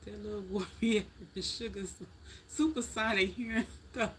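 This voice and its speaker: A woman's voice: medium pitch, fairly even intonation, moderate pace, a little hiss or hum. A middle-aged woman hosting a casual live stream, chatting in a folksy way straight to her viewers. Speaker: livestream host chatting with viewers.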